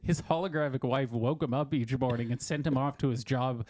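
A man's voice: medium pitch, steady tone, brisk, darkish tone. A man co-hosting a podcast in casual banter. He is blunt and crude and laughs often while reading out news stories. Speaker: podcast co-host.

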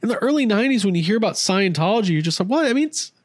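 A man hosting a casual chat podcast, telling stories in a self-mocking, animated way. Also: high-pitched, racing, dry recording, clean studio sound. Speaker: podcast host.

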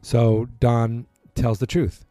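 A man's voice: mid-range voice, level tone, slow, dark tone, dry recording, faint music behind. Loose, rambling man recapping a show. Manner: rambling, loose, many fillers, acts out quotes. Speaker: podcast host recapping a TV drama. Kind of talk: casual recap chat.

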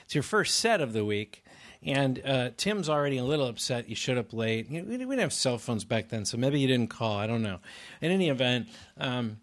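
Man, casual storyteller, animated, does quick impressions. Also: medium pitch. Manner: animated storyteller, acts out quoted voices. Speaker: fellow comedian telling a road story.

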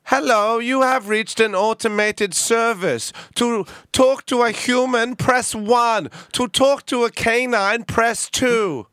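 High-pitched automated phone line voice, slow and stiff, a man doing it as a prank. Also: a bit bright, clear, resonant tone, dry recording, studio quality, exaggerated voice. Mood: robotic. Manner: stiff, slow, sing-song recorded-message delivery. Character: robotic automated phone service voice, male.

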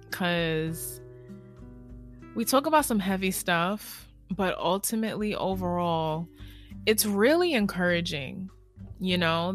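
A woman's voice: mid-range voice, fairly bright tone. A woman hosting a podcast in a casual, chatty monologue, laughing often and drawing out her fillers. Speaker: podcast host and healer.

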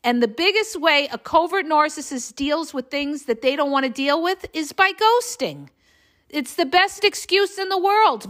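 A woman's voice: sits high, animated, moderate pace, fairly bright tone. A middle-aged woman hosting a podcast, talking bluntly and with emphasis as she keeps checking in with "okay?". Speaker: podcast host and relationship coach. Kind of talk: casual monologue.

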